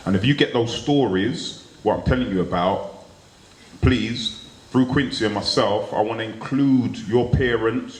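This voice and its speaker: A man comedian giving an earnest, emphatic closing speech at a live show, repeating words for stress. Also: lowish voice. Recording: echoey live room with audience.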